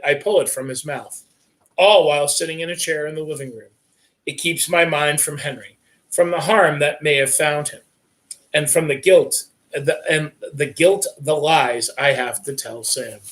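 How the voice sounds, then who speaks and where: Bright-voiced man reading a novel aloud. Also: fairly high pitch. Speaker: reader. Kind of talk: first-person novel narration.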